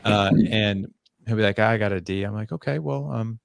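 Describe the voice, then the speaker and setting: A man in his forties with a low, gravelly voice, recorded close and dry with no room sound. He speaks as a podcast guest on fatherhood and brings his stories to life by playing out both voices in a conversation. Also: normal speed, dry recording. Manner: animated, acts out both sides of dialogues. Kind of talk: conversational interview storytelling.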